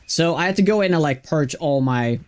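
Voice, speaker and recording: A man live-streaming a video game, chatting casually with viewers, greeting and thanking them between quick reactions to the game. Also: on the high side, lively intonation, a little mellow, clean tone. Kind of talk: casual live-stream chat while gaming.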